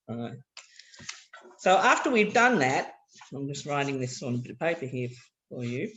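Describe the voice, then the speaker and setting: A man with an Australian accent leads a hands-on teacher-training workshop. His voice sits a little high for a man, and he explains things in a relaxed, conversational way, working through practical examples as he talks. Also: moderate pace. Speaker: workshop presenter for language teachers.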